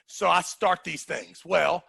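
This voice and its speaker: Gravelly guy with a high bright voice, rowdy storyteller, swears a lot, dry close sound. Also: slow pace, dry recording. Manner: animated, profane, acts out quotes. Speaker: guest storyteller. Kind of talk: casual storytelling.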